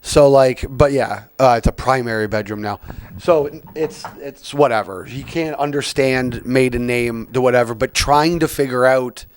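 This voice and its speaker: A man's voice: mid-range voice, normal speed. A man hosting a podcast, ranting casually with lots of fillers and swearing. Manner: rambling, profane, frequent fillers. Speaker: podcast host. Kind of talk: casual rant.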